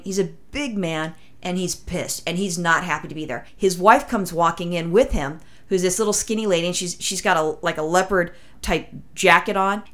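Rambling lower-voiced woman telling a story. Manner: rambling, animated anecdote with acted-out quotes. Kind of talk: casual storytelling chat.

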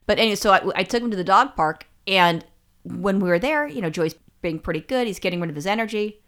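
A woman's voice: medium pitch, lively intonation, fast, fairly bright tone. A woman co-hosting a casual chat, telling blunt, profane stories with lots of restarts. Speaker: podcast co-host.

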